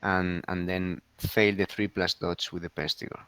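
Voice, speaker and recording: A man co-hosting a casual game league recap, talking with many pauses and restarts. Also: sits low, level tone, pushed and bright, slight background noise. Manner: hesitant, many fillers and restarts.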